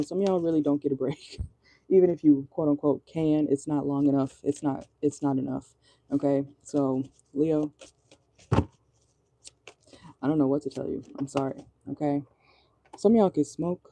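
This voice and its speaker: A woman's voice: low voice, dark tone, no room sound. A woman giving a casual tarot reading from inside a car, chatty and rambling, laughing often and swearing casually. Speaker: tarot reader.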